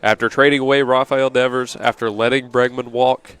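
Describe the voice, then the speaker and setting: Male sports talk host, chatty and brisk, mid-pitched. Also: flat delivery, a bit bright, clean tone, no echo. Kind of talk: casual sports radio talk. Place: restaurant.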